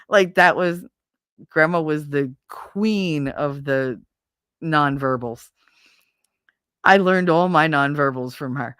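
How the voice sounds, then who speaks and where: A woman with a New Jersey accent hosting a casual livestream, chatting and reading viewer comments in a chatty, profane, animated way. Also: deep voice, unhurried, clear, resonant tone, no room sound, clean studio sound. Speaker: livestream host. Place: at home, smoking.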